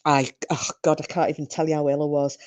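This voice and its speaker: Chatty low-voiced woman. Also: flat delivery, fast, darkish tone, highs cut off. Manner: chatty, swearing, telling drunken stories. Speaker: streamer. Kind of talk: casual live-stream chat with viewers.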